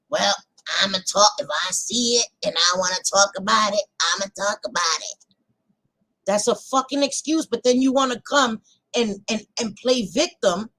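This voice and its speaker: A woman hosting a livestream, ranting to her chat in a heated, profane casual way that swings between loud outbursts and quieter stretches. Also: on the high side, slightly rough, rough recording. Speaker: livestream host.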